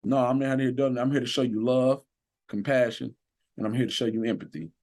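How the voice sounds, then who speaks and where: A man's voice: mid-range voice, fast, darkish tone. Deputy guy on a podcast, mid voice, earnest, gets all preachy and emphatic telling his story. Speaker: guest, sheriff's deputy. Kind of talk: personal storytelling in a podcast interview.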